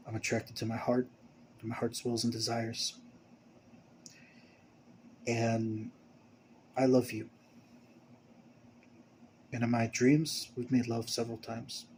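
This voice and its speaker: A young man talking to camera in a rambling, emotional monologue. He stammers, restarts and repeats words, swinging between mumbling and loud bursts. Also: medium pitch, slight background noise.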